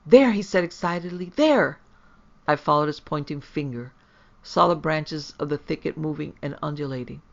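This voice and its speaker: A man voicing an excitable frontier guard, who shouts and stammers. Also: on the high side, fairly quick, gravelly. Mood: frantic. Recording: dull lo-fi.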